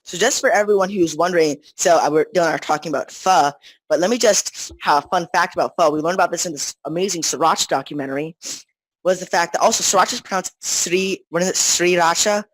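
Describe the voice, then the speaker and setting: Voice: mid-range voice, quick pace, dry recording, rough recording. A teenager chatting casually as a podcast co-host, rambling with lots of restarts and fillers. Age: teens. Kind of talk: casual chat.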